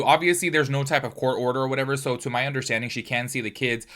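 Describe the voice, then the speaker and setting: A man's voice: fairly even intonation, quick pace, a bit bright. A man hosting a commentary video, chatty and casual, full of slangy fillers. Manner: chatty, with slangy fillers like "low-key" and "y'all". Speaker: commentary channel host.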